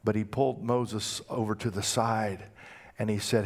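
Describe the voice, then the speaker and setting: A man's voice: level tone, moderate pace. A male pastor preaching a sermon, telling the story in a folksy, conversational way and acting out the quotes. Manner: folksy storytelling with acted-out quotes and big pitch swings.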